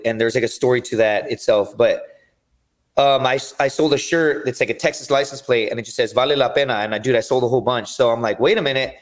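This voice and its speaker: Profane rambling American guest. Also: male voice, medium pitch. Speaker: podcast guest. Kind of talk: casual chat.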